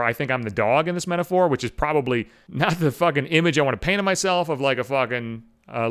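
A man's voice: mid-range voice, a bit bright, clean tone. A man hosting his podcast in a profane solo rant, swearing constantly and mocking other people's voices as he quotes them. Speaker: podcast host.

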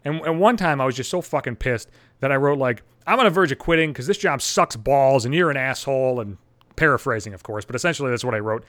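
A young adult man telling stories in a blunt, profane, animated podcast rant. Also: medium pitch, fast, no room sound. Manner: blunt, heavy swearing, animated. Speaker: podcast host.

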